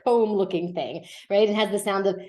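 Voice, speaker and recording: A woman's voice: medium pitch, moderate pace, dark tone. A woman teaching a Spanish lesson on a podcast, explaining patiently, often checking in with "okay?" and moving between English and Spanish.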